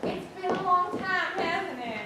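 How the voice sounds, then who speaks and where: A woman's voice: very high-pitched, lively intonation, measured pace. A young woman acting in a school stage play, declaiming lines grandly. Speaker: student actor playing a disguised stranger. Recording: echoey hall, far from mic, noisy.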